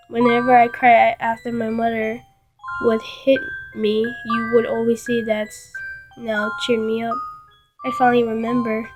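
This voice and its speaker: A woman with a somewhat high voice reads a dark story aloud in first person. Her delivery is dramatic but halting, and she often trips over a word and starts it again. Soft music plays quietly behind her. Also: monotone, poor audio. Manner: halting, stumbles and restarts words. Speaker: story reader.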